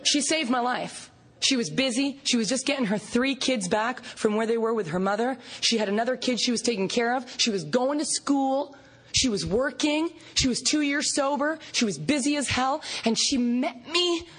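A woman from Canada giving an animated recovery meeting share, storytelling with laughs and acted-out quotes. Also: on the high side, normal speed, husky. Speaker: recovery fellowship speaker.

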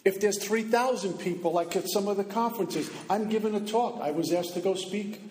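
A man's voice: high-pitched, a little fast, darkish tone. A man giving an earnest recovery meeting talk, sometimes voicing the thoughts in his head. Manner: earnest, acts out the inner voice in asides. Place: meeting room. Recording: echoey hall from far off.

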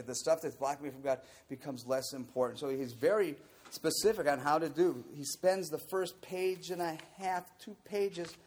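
A man giving a candid, conversational talk to a group about recovery program steps, often saying "you know". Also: a little high.

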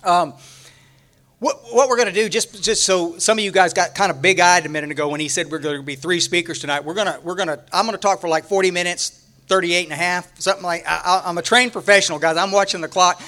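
An older Texan man speaks to a retreat crowd in a notably high voice. He talks in a folksy, rambling way, stumbles through restarts and fillers, and drifts into humorous stories. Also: fairly even intonation, quick pace, bright, forceful tone. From Texas. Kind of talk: rambling humorous storytelling talk. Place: room at a retreat, talking to a live audience.

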